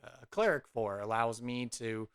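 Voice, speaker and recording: A man's voice: medium pitch, animated, unhurried, fairly bright tone, smooth. A man voicing an eager, polite young woman explorer who stammers and gets flustered. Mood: apologetic.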